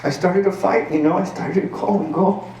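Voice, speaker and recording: A man's voice: sits high, steady tone, normal speed, darkish tone, slight background noise. A man from El Paso, Texas, telling an earnest personal story on a stage as a stand-up comedian, full of filler words. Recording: roomy sound from a distance.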